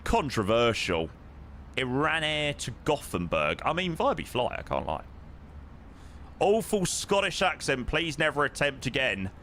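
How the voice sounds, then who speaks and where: A young man streaming a flight simulator, chatting with viewers in an excitable, talkative way. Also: medium pitch, a little slow, a little hiss or hum. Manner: excitable, chatty, reacts loudly and greets viewers. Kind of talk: live-stream chat while playing a flight simulator.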